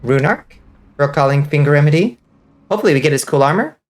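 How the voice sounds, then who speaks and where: A woman with a faint Southern accent and a slight lisp, giving casual gaming commentary while enunciating clearly. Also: low-pitched, animated, fast talker. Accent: subtle Southern US. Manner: clear enunciation, swears and laughs often. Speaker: vtuber streamer.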